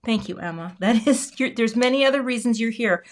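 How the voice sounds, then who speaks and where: A woman's voice: on the high side, brisk. An American woman hosting a live card-making stream, chatting casually and greeting viewers by name as she works. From United States. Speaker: card-making livestream host. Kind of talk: casual live crafting chat.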